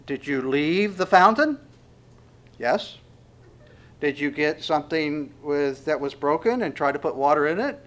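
A man preaching an expository sermon, reading scripture verses and pressing them home emphatically, rising loud on the quotes. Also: on the high side, animated, unhurried.

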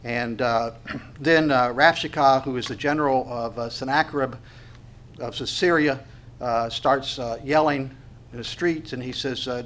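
A man's voice: medium pitch, fairly even intonation, a little slow, fairly bright tone. A male pastor giving a conversational Bible teaching, full of fillers and restarts, with wry asides and sharper emphatic bursts on key points.

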